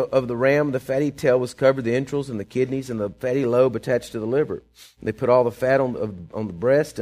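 A medium-pitched pastor preaches in a folksy, conversational style and turns aside to address the congregation. He swings between quiet asides and emphatic bursts.

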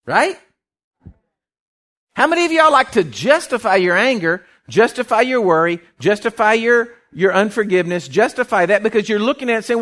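A man preaching a sermon, impassioned, rising loud then dropping soft, often restarting his words. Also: high-pitched, lively intonation, normal speed.

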